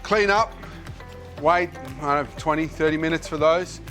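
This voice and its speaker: An Australian man hosts a cooking show from a kitchen set, his fairly high voice moving at a moderate pace over music. Speaking into a lapel mic, he's friendly and jokey, thinking aloud as he works.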